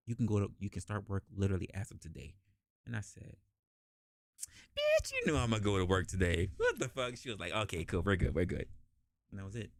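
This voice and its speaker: A man hosting a podcast, telling a casual story and acting out the people in it with big jumps in pitch, swearing freely. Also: no echo, clean studio sound. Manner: animated, acts out quoted voices with big pitch jumps, swears. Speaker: podcast host.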